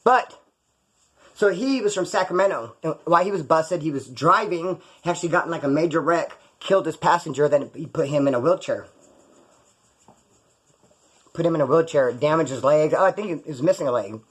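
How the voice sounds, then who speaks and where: A man's voice: a little high, a little fast, slightly rough, poor audio. A man telling stories casually on his own video channel, rambling and full of prison slang. He grew up in California. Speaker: vlogger. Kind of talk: casual storytelling vlog.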